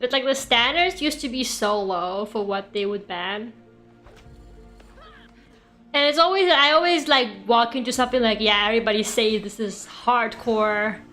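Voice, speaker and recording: With soft music playing behind her, a young VTuber whose first language is Russian streams a game and rambles animatedly through stories, laughing often. She speaks at a moderate pace in a fairly high voice, leaving long pauses, and the room echoes.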